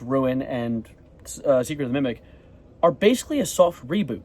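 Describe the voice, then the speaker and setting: Fast-rambling young man vlogger. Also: fairly high pitch. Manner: rambling, fast-talking, swears casually. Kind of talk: casual video diary.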